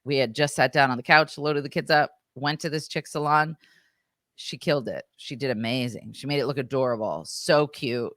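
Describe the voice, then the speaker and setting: A woman's voice: rumbling low, moderate pace, fairly bright tone, no room sound, clean studio sound. A woman in her thirties co-hosting a podcast, chatting casually through a story with lots of fillers and acted-out quotes. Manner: chatty, filler-heavy, acts out quoted voices. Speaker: podcast co-host.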